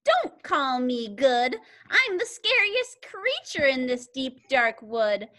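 A woman's voice: high voice, sing-song, takes it slowly, pushed and bright, exaggerated voice. A young woman voicing a small, clever, boastful mouse in a storybook read-aloud over a video call.

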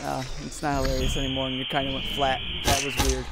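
A man giving casual let's-play commentary, excitable and crude, jumping from mumbled asides to loud joking outbursts. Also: mid-range voice, quick pace, heavy background noise. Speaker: gaming video host.

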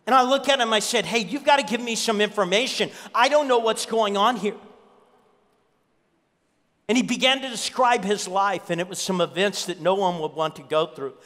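A man's voice: sits high, normal speed, bright, forceful tone, in a large hall. A man preaching a sermon as pastor, telling a story and repeating key lines for emphasis. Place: church.

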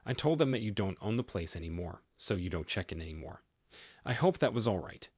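Warm-hearted loyal woman in a storybook reading, voiced by a man, dry and husky. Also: on the low side, very animated, fairly quick, dry recording. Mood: reassuring. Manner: reassuring. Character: kind loyal woman employee, supportive.

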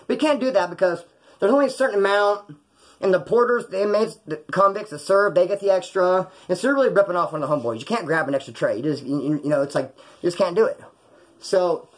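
A man casually telling profane prison stories, acting out the people in them, in a small hot room. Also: on the high side. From California. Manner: animated, profane, acts out quoted voices. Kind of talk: casual storytelling.

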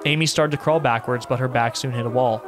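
A man streaming a horror game, reading its story aloud steadily with quick spoken reactions. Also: mid-range voice, steady tone, over music. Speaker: gaming streamer.

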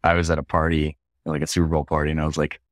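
A man's voice: extremely low pitch, completely flat delivery, racing, no echo. A middle-aged man from Philadelphia, a fitness coach guesting on a podcast, speaking in an earnest, reflective way. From Philadelphia, USA. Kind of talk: casual interview chat.

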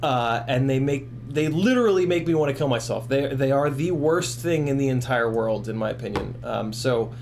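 A man's voice: mid-range voice, lively intonation, moderate pace, few pauses, a little mellow, a little hiss or hum. A man in his forties, tipsy and rambling, hosting a casual livestream chat with profane rants and frequent laughter. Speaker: FPV drone livestream host.

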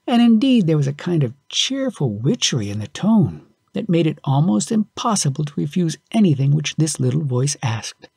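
A man reading a storybook aloud in a calm, measured way. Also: a little high, gravelly, breathy edge, no echo.

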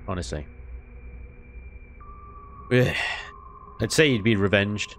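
A man giving casual, animated commentary on his gameplay, ranting and laughing with mild swearing. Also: lowish voice, takes it slowly, pauses often, faint music behind. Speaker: gaming YouTuber.

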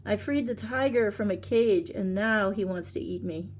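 A woman's voice: medium pitch, moderate pace, a little hiss or hum, natural voice. A woman voicing an anxious, learned holy man who speaks formally and sounds put-upon. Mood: weary.

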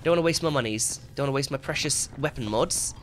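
A man giving excitable let's play commentary, swearing and shouting at the game as he plays. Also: medium pitch, quick pace, a little hiss or hum. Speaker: gaming channel host. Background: game music and sound effects.

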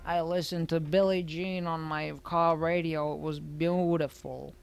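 A woman doing a low, slow impression of a gruff middle-aged man, dreamy and nostalgic. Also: fairly even intonation. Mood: wistful.

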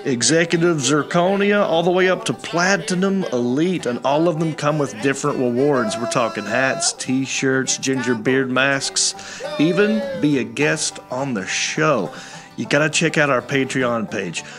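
A man's voice: mid-range voice, animated, a little slow, music in the background. A man hosting a comedy podcast, talking in a playful, mock-indignant way and stretching out his sign-offs. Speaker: podcast host. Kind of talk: casual comedy podcast chat.

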